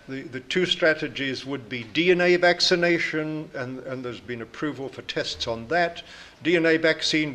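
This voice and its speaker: A man from New Zealand with a New Zealand accent, an invited scientist answering audience questions in a measured, explanatory way with frequent restarts. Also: a little high, sharp tone. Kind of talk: lecture Q&A answers.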